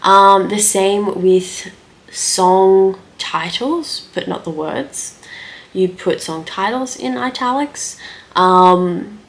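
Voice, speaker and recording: A woman's voice: medium pitch, slow pace. A young woman talking casually through writing tips, thinking aloud with lots of ums and likes. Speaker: writing vlogger. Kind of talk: casual screen-share talk.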